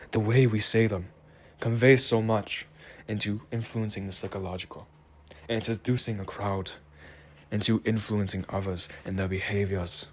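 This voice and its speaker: A tired man talking slowly in a rambling, reflective solo monologue. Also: fairly low pitch. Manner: slow, rambling, musing. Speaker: vlogger.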